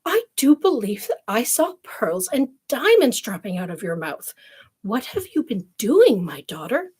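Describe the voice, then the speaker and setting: A woman voicing a greedy, scheming mother who exclaims in a high, shrill voice. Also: very animated, measured pace, a little mellow, slightly rough, heavily acted. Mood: exclaiming.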